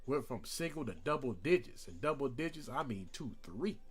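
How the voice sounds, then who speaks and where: A man's voice: mid-range voice, very animated, normal speed, slightly rough. A young man streaming a game, chatting casually with slang and jokes. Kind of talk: casual gameplay commentary.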